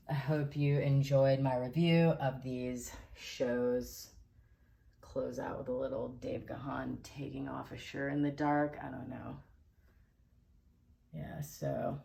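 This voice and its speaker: A woman's voice: very deep voice, vocal fry. A woman musician reviewing shows in a casual, rambling video, often correcting herself as she talks. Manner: rambling, self-correcting, soft-spoken. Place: dim room at home.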